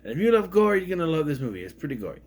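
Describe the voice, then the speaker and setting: A man's voice: sing-song, racing, slight background noise. A man giving a casual, rambling spoken review of a film, often restarting his sentences. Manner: rambling, restarts, swings in pitch and loudness. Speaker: movie reviewer.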